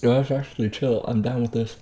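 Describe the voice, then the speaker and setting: A man's voice: mid-range voice, steady tone, fast talker, warm tone. A man casually telling a story in slang between bites of food, as a food vlogger. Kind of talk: casual mukbang chat.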